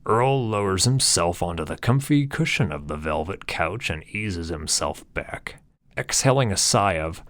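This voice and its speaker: A man's voice: low-pitched, animated, measured pace, fairly bright tone, no echo, studio quality. A man narrating a comedic story in a grandiose, mock-heroic, theatrical way. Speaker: audiobook narrator and author.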